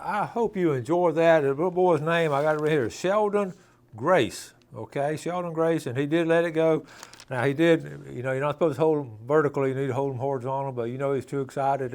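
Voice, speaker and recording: Male host, mid-pitched, folksy and chatty, reading viewer names on air. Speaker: host of an outdoors show. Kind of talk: casual broadcast hosting.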